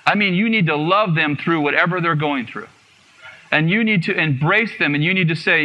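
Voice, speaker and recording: A man's voice: on the high side, moderate pace, dull audio. A man preaching a sermon to a congregation, earnest and repeating phrases for emphasis. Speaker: guest preacher.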